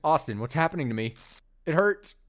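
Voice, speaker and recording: A man's voice: on the high side, animated, a little fast, voice pushed up, lightly acted. Heartbroken game girl, as a man reads her lines. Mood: pleading. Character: heartbroken young woman, a game character. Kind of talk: reading game dialogue aloud.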